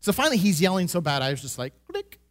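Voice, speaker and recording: A man with a notably high-pitched voice tells a personal faith story into a microphone. He is animated and self-deprecating, and he laughs often at himself as he goes. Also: racing. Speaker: church member giving a testimony.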